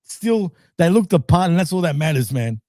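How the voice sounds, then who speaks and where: High-voiced laughing podcast co-host, man. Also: big pitch swings, normal speed, mellow, no room sound, clean studio sound. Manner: laughs often, loose and rambling. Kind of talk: casual wrestling recap chat.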